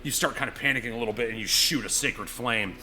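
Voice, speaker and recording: A man's voice: mid-range voice, quick pace, soft background music. A man narrating as game master, rambling with many fillers and acting out the scene. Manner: rambling, lots of "you know" and "like"; animated, acts out scenes.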